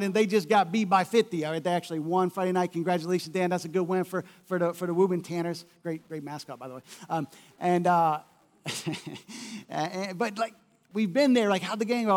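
Male pastor, high voice, lively storytelling sermon, big hall echo. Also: brisk. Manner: animated storytelling, acting out quotes, conversational asides. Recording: long hall reverb.

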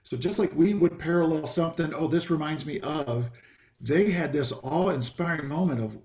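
A man's voice: on the high side, normal speed, a little mellow. Man preaching a casual sermon. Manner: conversational, with many ums and asides. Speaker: pastor. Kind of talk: sermon over a video call. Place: home, video call.

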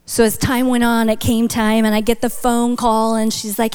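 A woman's voice: fairly high pitch, flat delivery, moderate pace, hardly any pauses, darkish tone, clean tone. A woman telling a story in a sermon, dropping to a whisper for emphasis and building to a passionate call at the close. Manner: rises to passionate exhortation. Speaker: speaker at a church.

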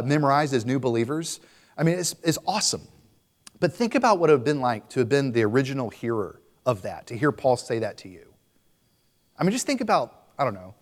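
A man's voice: medium pitch, in a large hall. A young man preaching a sermon, shifting between casual asides and impassioned readings of scripture. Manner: animated preaching, voices scripture passages with rising intensity; conversational asides with fillers. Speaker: pastor.

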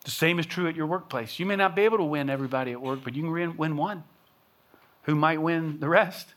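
A man's voice: a little high, fast, fairly bright tone. A middle-aged man preaching a sermon as pastor, earnest and building to impassioned emphasis, often restarting words as he pushes a point.

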